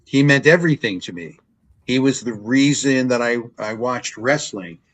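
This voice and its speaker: Older man, former ring announcer, animated storyteller, mid-pitched voice, interview chat. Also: normal speed, poor audio. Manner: animated storyteller, acts out quotes with big pitch jumps.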